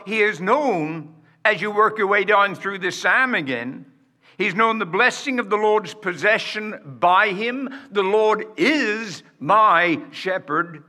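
A man preaching a sermon in a slow, emphatic way, with dramatic pauses and rhetorical questions to the congregation. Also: high-pitched, lively intonation, pushed and bright.

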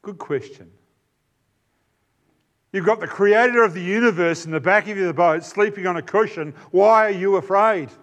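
A high-voiced man with a New Zealand accent delivers a sermon. He talks in a relaxed, conversational way, stops often on fillers and asks the congregation quick questions. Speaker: preacher.

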